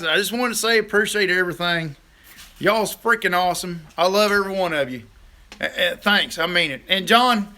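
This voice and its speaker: A man's voice: high-pitched, sharp tone. A middle-aged man hosts a casual live stream, chatting folksily with viewers and laughing easily.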